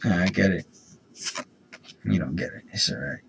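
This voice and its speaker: A man with a low, gravelly voice and a husky rasp, chatting casually as he opens trading card packs. His throat is itchy. He reads the card text aloud and keeps wandering off into asides. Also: normal speed, low-quality recording. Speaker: host. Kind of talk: casual card-opening chat.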